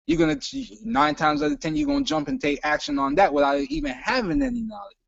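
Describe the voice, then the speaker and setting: A man's voice: very high-pitched, big pitch swings, fast talker, creaky, hardly any pauses, no room sound, dull audio. A man with a Caribbean island accent, speaking emphatically and repeating himself as a business panelist giving a motivational talk. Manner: emphatic, repetitive, preachy.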